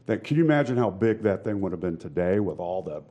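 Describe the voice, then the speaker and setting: A man's voice: low voice, expressive, quick pace, warm tone, dull audio. A man hosting an interview in a casual, affirming way. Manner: casual, affirming, frequent backchannel. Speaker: podcast host and teacher. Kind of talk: conversational interview.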